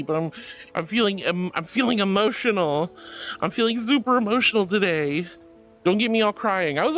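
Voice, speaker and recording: A woman VTuber chatting casually on a livestream, gushing thanks to her viewers with cutesy words. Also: medium pitch. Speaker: VTuber streamer. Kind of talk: casual livestream chat reading chat. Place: VR streaming setup, indoors.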